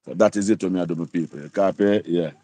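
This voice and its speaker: A Jamaican man in his sixties hosts a casual livestream chat. His voice is low, warm and mellow, and it sounds dry and close to the mic. He rambles, repeating "you see?" and "you copy?" again and again. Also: fast, no echo. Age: 60s. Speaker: livestream host.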